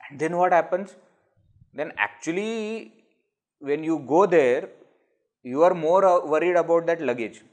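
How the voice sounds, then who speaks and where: A man's voice: on the high side, measured pace, long pauses. A man with an Indian English accent giving a scripture discourse, explaining with rhetorical questions and everyday examples. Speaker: spiritual teacher.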